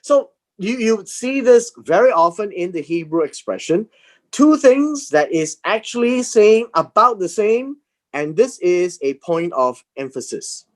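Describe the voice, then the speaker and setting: A man teaching a Bible class. He talks in a slow, halting way and often repeats words and fillers as he reads verses and explains Hebrew words. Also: high-pitched, big pitch swings. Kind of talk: Bible study lecture.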